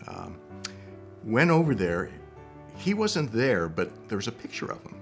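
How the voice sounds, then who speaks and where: A man telling a funny story about adopting a dog, animated and acting out the voices of the people he quotes. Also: mid-range voice, measured pace, soft background music. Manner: lively, acts out quoted voices.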